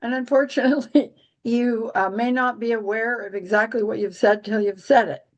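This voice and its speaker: Higher-voiced woman musing about astrology. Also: fairly even intonation, highs cut off. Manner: rambling, halting with many restarts; dry humor, giggly. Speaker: astrology podcast host. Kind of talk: casual astrology chat.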